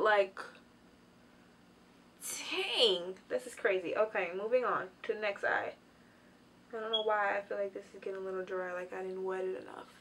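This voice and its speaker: A tired young woman casually reviewing a beauty product while sitting on the floor at home, chatty and excitable, with lots of fillers. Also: mid-range voice. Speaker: beauty vlogger.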